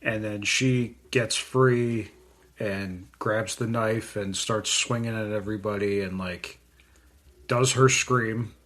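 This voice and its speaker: A man's voice: fairly low pitch, fairly even intonation, slow pace, fairly bright tone. A man co-hosting a podcast, casually recapping a horror comedy film in a blunt, laid-back way with plenty of swearing. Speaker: podcast co-host.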